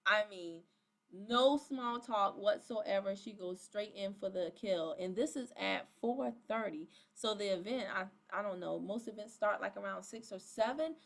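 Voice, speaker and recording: A woman's voice: mid-range voice, measured pace, creaky, a bit bright. A woman, chatting in a casual vlog as a network marketing coach and reading out chat messages. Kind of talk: casual talking-head vlog.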